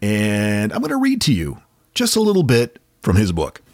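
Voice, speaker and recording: Maine-accented male co-host, animated storyteller, dry close sound. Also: moderate pace, no room sound. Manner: lively storyteller, slips into high-pitched character voices. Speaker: podcast co-host. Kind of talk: casual chat.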